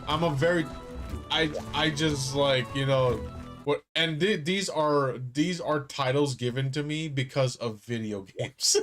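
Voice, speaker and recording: A man's voice: fairly high pitch, animated, slow, music in the background. A man streaming a game live, chatting to his viewers in a rambling, self-mocking way and laughing often. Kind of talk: casual live-stream commentary.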